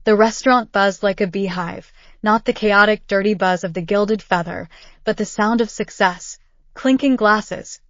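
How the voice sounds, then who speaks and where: An older woman reading a scripted first-person story in a measured, steady way. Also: mid-range voice, no echo. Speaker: narrator. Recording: dull dry lo-fi audio.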